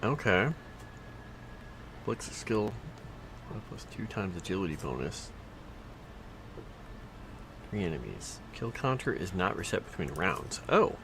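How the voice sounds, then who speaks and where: A man's voice: low voice, big pitch swings, measured pace, creaky, long pauses, background noise. A man streaming a video game, chatting casually with viewers, reading out loot and skill text and teasing his chat. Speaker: livestreamer. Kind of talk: casual gameplay commentary.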